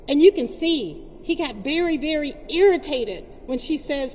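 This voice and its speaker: A woman's voice: high voice, expressive, moderate pace, few pauses, a little mellow, in a large hall, slight background noise. A woman giving an impassioned protest speech, telling a story to a crowd. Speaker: rally speaker.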